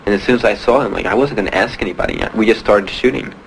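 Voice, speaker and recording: A young man, a veteran, telling his own story in plain, halting speech with many pauses. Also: lowish voice, creaky, slight background noise, poor audio. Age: young adult. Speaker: Vietnam veteran giving testimony. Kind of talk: personal testimony.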